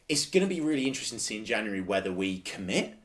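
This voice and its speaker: Sex: man. Role: podcast co-host. Style: casual football chat. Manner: passionate, insistent, repeats himself for emphasis. Pitch: mid, very lively.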